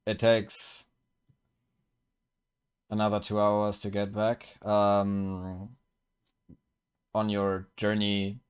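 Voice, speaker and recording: A man narrating a tabletop game as game master, unhurried and pausing with fillers. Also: fairly low pitch, completely flat delivery, smooth.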